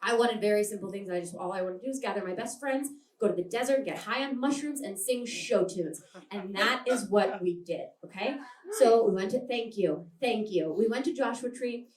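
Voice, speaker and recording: A woman's voice: mid-range voice, moderate pace, darkish tone. A young adult woman doing a stand-up comedy set at a live show, brash and rambling, often laughing through her lines. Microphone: handheld stage mic. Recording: roomy venue, mic picked up from a distance.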